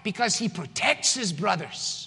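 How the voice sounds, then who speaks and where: A man's voice: high-pitched, lively intonation, unhurried, gravelly, pushed and bright, slightly rough. A man with a Scottish accent preaching a sermon as pastor, in an emphatic, conversational way. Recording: long church hall reverb.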